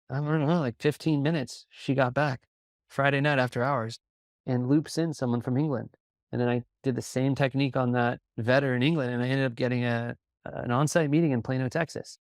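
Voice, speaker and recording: A man who coaches in sales, a guest on a podcast, talking calmly and steadily as he tells stories. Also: mid-range voice, vocal fry, no room sound, clean studio sound. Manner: calm, even delivery with quick bursts of storytelling. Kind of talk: conversational interview.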